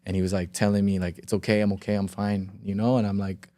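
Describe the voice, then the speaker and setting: A man's voice: lowish voice, level tone, fast talker, mellow. A young man talking as a podcast guest, telling a long story in a rambling, casual way, with lots of filler words and quoted dialogue and frequent swearing. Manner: swears freely. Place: podcast studio.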